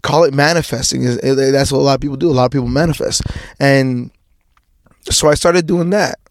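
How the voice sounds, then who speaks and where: A man's voice: mid-range voice, fairly quick, no echo, studio quality. A young man hosting a podcast, talking through a casual personal monologue in a rambling way, with many restarts and casual swearing. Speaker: podcast host.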